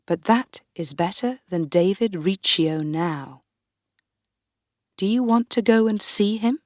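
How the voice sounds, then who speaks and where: A woman voicing a sneering, mocking young king with a slow, low delivery. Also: animated, a little mellow, no echo, studio quality.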